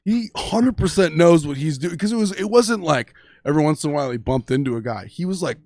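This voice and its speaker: A man's voice: a little high, lively intonation, brisk, a little mellow, no echo, clean studio sound. A man from Minneapolis telling long, profane stories in casual chat as a podcast guest, full of "you know" and "like". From Minneapolis, USA.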